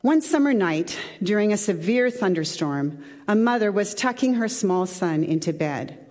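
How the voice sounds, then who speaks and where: A woman's voice: mid-range voice, animated, moderate pace, darkish tone. Woman pastor preaching, chatty and casual, long echo in a church hall. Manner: conversational, chatty, with asides. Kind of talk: sermon.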